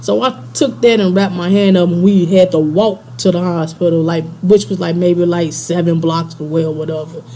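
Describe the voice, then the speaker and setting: A woman's voice: on the low side, fairly even intonation, moderate pace, hardly any pauses, dark tone, slight background noise. A woman casually telling a personal story in slangy, laid-back talk, chuckling now and then.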